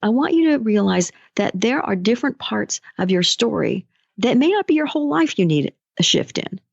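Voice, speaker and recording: A woman life coach talks through a motivational solo podcast in a casual storytelling way. Her voice has a gravelly fry to it, recorded close and dry. The sound is muffled and lo-fi. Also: medium pitch, big pitch swings, normal speed, no room sound. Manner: conversational, storytelling.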